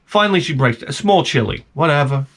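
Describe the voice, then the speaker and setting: A man's voice: a little high, lively intonation, brisk, a bit bright. A man telling a comic rant about a bad day, exasperated, profane and self-mocking. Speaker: comedy vlogger.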